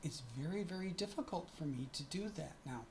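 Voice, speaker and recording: A woman's voice: on the low side, lively intonation, fairly quick, darkish tone, slight background noise. A middle-aged woman chatting to camera in a casual vlog, often stopping to correct herself. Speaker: vlogger.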